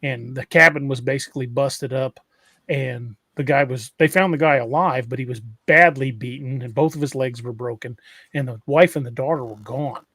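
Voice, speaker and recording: A man's voice: mid-range voice, normal speed, fairly bright tone, no echo, clean studio sound. A man hosting a podcast, telling stories in a casual, rambling way with many restarts. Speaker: podcast host.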